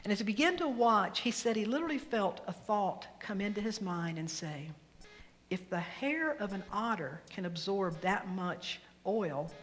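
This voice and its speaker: A woman minister giving a storytelling sermon in a church, animated and acting out the voices in her stories. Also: medium pitch. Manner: animated, acts out quoted voices with laughter. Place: church sanctuary. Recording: reverberant hall with faint room noise.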